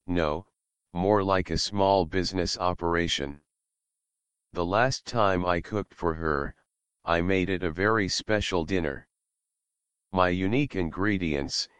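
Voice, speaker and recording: Super deep slow guy, deadpan, smooth voice, dry close recording. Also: dry recording. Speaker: story contributor. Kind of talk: deadpan story reading.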